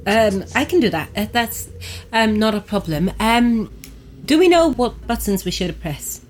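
A woman's voice: a little high, lively intonation, unhurried, faint music behind. A young woman playing in a tabletop game, chatty and hesitant, laughing often. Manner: giggly, hesitant with many ums. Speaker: player. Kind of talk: tabletop role-play chat.

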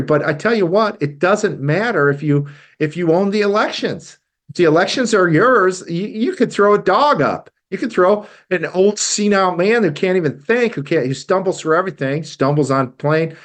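A man hosts a talk show from a studio, talking straight through a political commentary monologue. His delivery is emphatic and indignant, often halting and restarting mid-phrase as he pushes his points. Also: a little high.

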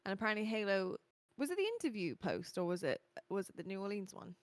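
Casting note: young woman, esports host, casual and self-mocking, medium pitch, dry close-miked sound. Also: fast, dry recording. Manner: lively, self-mocking, laughs often. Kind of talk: casual chat.

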